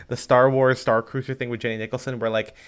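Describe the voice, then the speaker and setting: Casual male podcast co-host, mid-pitched, chatty and meandering. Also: little pitch movement, fast talker, over a noisy crowd. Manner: rambling, many fillers and restarts. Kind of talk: casual chat.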